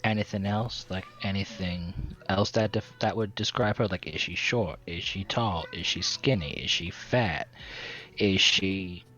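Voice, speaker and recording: A man's voice: deep voice, unhurried, bright, forceful tone. Man doing a coaxing vampire on a dull mic. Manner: coaxing, probing questions. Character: smooth, coaxing male vampire.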